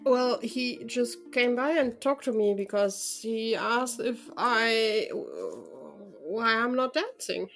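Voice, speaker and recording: A woman player speaking in character in a tabletop role-play, with a gentle, reassuring and patient manner. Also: a little high, big pitch swings, takes it slowly, gravelly, few pauses, soft background music.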